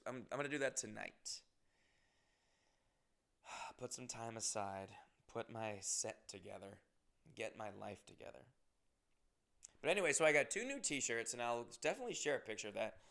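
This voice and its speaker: Medium in pitch, creaky, and fairly bright, the voice belongs to a comedian and podcast host. In a casual monologue he rambles through self-deprecating stories, swearing often.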